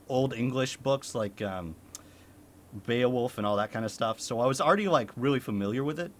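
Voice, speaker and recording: A young man from the United States, a streamer chatting casually with his chat, laughing often and swearing. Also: mid-range voice.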